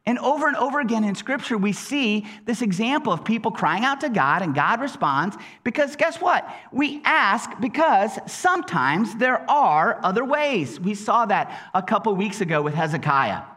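A man's voice: high-pitched, normal speed, few pauses. A man preaching a sermon in a conversational way, acting out quoted prayers and often repeating words as he goes. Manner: animated, acts out quoted prayers in changing voices; conversational, with frequent word repeats. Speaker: pastor.

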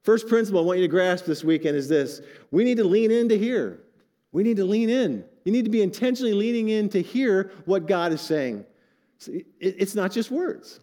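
An older man preaching a sermon to his congregation, animated and joking with asides. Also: high-pitched, moderate pace, big-room sound. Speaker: pastor.

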